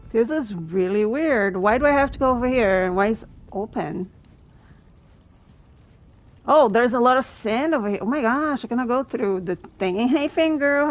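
A woman's voice: on the high side, lo-fi sound. A woman streamer chatting with her viewers as she plays a video game, exclaiming often and laughing between remarks. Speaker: gaming streamer. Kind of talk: live gameplay commentary with chat.

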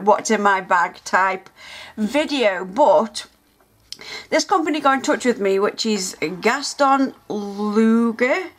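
An excitable woman chats through an unboxing at home, her voice sitting a little high. She gushes and gasps often. Faint music plays quietly behind her. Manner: gushing, excitable, lots of gasps and exclamations. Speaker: nail art channel host. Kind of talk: casual unboxing vlog.

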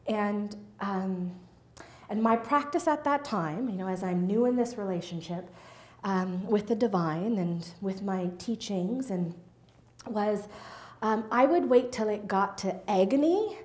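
A woman speaker giving an earnest personal testimony, halting and restarting often and checking in with "right?" and "okay?". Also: mid-range voice. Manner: earnest, halting, with many restarts and tag questions. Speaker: invited faith speaker. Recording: roomy hall sound.

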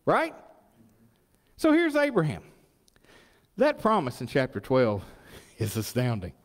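A middle-aged man preaching a sermon as pastor, folksy and animated, often asking the congregation questions. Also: mid-range voice, slow, long reverb tail.

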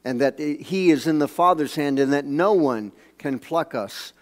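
A man's voice: on the high side, unhurried. Earnest male pastor preaching a sermon. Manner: earnest, emphatic preaching with hushed phrase endings. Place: church sanctuary.

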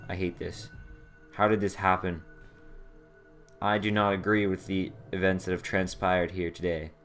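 A man's voice: sits low, level tone, normal speed, a bit bright, soft background music. A young man giving casual gameplay commentary, exasperated and sarcastic, swearing at a puzzle he can't solve. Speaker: let's play commentator.

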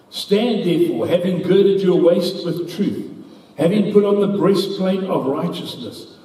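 A man's voice: high-pitched, warm tone. A man with a South African English accent preaching an earnest, emphatic sermon, quoting scripture at length. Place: church hall. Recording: echoey hall from far off.

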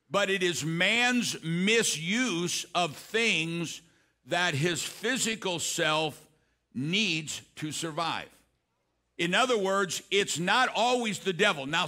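An older man preaching a sermon as pastor, telling stories in an animated way, often restarting his sentences. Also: high voice. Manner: animated storytelling with repeated restarts.

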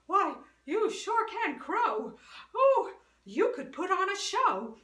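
A high, wailing storybook cat that sings its sorrow in long crying moans and meows, as a woman puts it on. The voice sounds roomy and set back from the mic. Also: big pitch swings, slow, fairly bright tone, exaggerated voice. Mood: admiring. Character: sad yowling tomcat, mournful and wailing. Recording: roomy room, voice from a distance.

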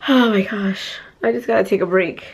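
A woman's voice: medium pitch, normal speed, husky, poor audio. Candid rambling young woman vlogger. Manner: candid, rambling, sighs and trailing off. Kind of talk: casual vlog talk to camera. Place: family home indoors.

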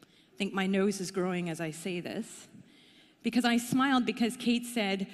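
A woman's voice: medium pitch, measured pace. A middle-aged woman from Canada giving a conference talk in a chatty, playful, self-deprecating way. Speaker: conference speaker. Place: conference hall. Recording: long hall reverb.

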